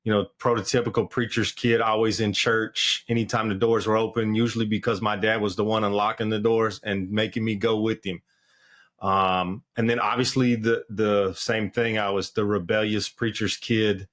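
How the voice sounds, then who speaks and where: A man's voice: fairly low pitch, level tone, moderate pace, fairly bright tone. A man as a podcast guest, telling his personal testimony in an earnest, candid way with plenty of fillers. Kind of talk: personal testimony in casual conversation.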